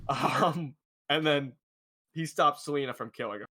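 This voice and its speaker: Excited, swearing young man reviewing a film. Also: a little high, normal speed, slight background noise. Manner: excited, profane, rambling retelling of scenes. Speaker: podcast co-host. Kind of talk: casual movie review chat.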